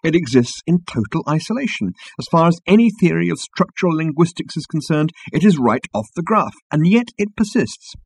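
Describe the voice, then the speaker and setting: Husky, lively male storyteller. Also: on the high side, brisk, hardly any pauses. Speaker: audiobook narrator. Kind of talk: scripted narration.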